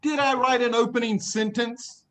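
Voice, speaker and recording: A man teaching English writing to a class of young students, playful and animated, acting out examples and hushing the class now and then. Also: extremely high pitch, normal speed. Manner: playful, animated, acts out examples in little voices; talks to young students, often hushes the class. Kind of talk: classroom lesson to children.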